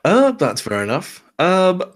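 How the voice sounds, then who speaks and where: A man's voice: high voice, huge pitch swings, measured pace. A man narrating a tabletop game as game master, casual and rambling. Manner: casual, rambling, many fillers.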